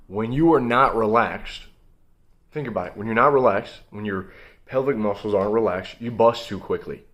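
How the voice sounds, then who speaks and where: A man's voice: lowish voice, a bit bright. A young man giving a blunt, emphatic motivational monologue as host of his own video channel, coaching listeners directly.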